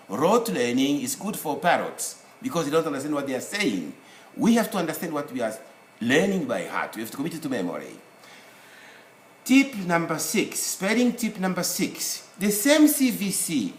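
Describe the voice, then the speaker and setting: A man giving a recorded lesson as a teacher, explaining rules step by step and spelling out the letters of his examples. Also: fairly high pitch. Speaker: English teacher. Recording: echoey room with faint noise.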